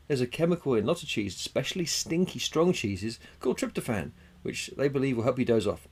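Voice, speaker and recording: A young man with a husky voice co-hosts a casual chat show, teasing and laughing between facts. His pitch swings freely as he jokes along. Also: animated, a little fast, hardly any pauses, darkish tone. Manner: joking, teasing, laughs often. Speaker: podcast co-host. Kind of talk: casual banter.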